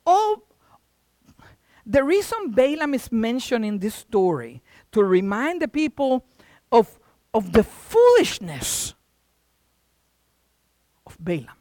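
Animated storytelling preacher man. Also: extremely high pitch, takes it slowly, long pauses, dry recording. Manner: animated, conversational, with sound effects and asides. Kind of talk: sermon storytelling.

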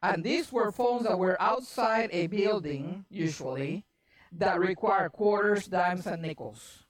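A woman preacher telling a story in an animated sermon, often repeating words and getting loud and emphatic. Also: fairly low pitch, measured pace.

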